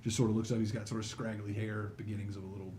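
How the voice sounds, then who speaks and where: A man's voice: on the low side, level tone, very fast, mellow, roomy sound, a little hiss or hum. A man narrating as game master in a tabletop game, casual and hesitant, with many fillers.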